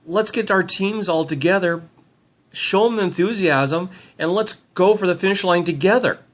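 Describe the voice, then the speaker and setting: Middle-aged male team leader, self-filmed pep talk, slightly high voice, eager and loose with fillers. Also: normal speed. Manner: upbeat, rambling, lots of fillers. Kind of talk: handheld motivational vlog. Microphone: handheld camera mic.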